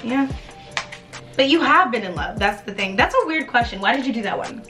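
A young woman with a fairly high voice chats casually with a friend for her video. She teases, laughs often and reads each question aloud, with faint music underneath. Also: animated, brisk. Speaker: YouTube vlogger.

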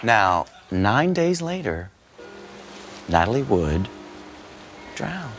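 A comedian performing a one-man stage show, telling stories in a theatrical, animated way. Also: on the low side, extremely slow, soft background music.

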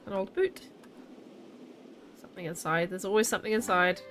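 A woman's voice: medium pitch, normal speed, a bit bright, faint music behind. A woman streaming a video game, chatting casually and animatedly with a questioning lilt.

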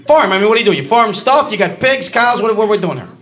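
A man doing a stand-up comedy routine on a club stage, ranting, shouting punchlines and bantering with the crowd. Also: high voice, sing-song, fast talker. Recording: live club with loud audience laughter. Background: crowd laughing.

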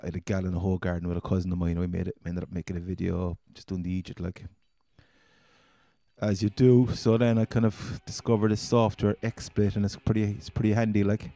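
A man's voice: deep voice, little pitch movement, brisk, mellow, no room sound. A man with a Cork accent, chatting casually and rambling through his first gaming commentary as a channel host. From Ireland.

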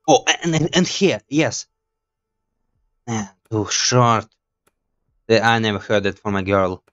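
Excitable man, slightly dull mic. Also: fairly low pitch, slow pace, long pauses, faint music behind. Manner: excitable, jokey, laughs at himself. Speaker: gaming YouTuber. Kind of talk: casual let's-play commentary.

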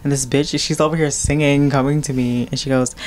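A man's voice: mid-range voice, fairly quick. A man hosting a casual podcast chat with his siblings, telling stories animatedly and cursing freely. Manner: animated storytelling with profanity. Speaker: podcast host.

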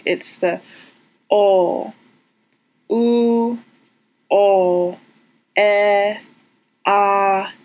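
A woman teaching a language lesson, slowly and patiently repeating each word and vowel sound, with frequent fillers. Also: medium pitch. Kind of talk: pronunciation lesson.

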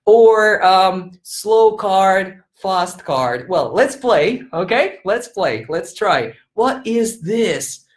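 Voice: mid-range voice, expressive, extremely slow, hardly any pauses, roomy sound. A teacher trainer giving an online conference workshop, playfully demonstrating classroom games by singing and acting out sample lines over a laptop microphone on a video call. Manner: playful, switches into sung and acted teacher voices for demos.

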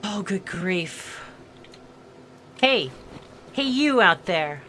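A woman gamer narrates her own horror playthrough at an unhurried, drawn-out pace, tense and swearing under her breath. She mutters to herself and snaps at things in the game. A steady hiss of background noise sits under her voice. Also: fairly low pitch. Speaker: let's play gamer. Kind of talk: live horror game commentary.

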